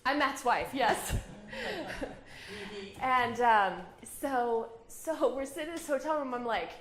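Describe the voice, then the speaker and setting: A woman's voice: a little high, slow pace. A woman, telling a personal story as a guest speaker at a community hall. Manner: animated, laughing storyteller. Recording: roomy hall with faint ambience.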